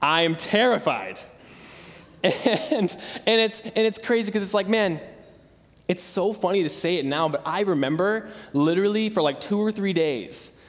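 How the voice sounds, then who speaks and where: A man's voice: high-pitched, lively intonation, moderate pace, big-room sound. A young man in his twenties preaching a sermon, earnest and conversational, telling a personal story. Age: 20s. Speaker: pastor.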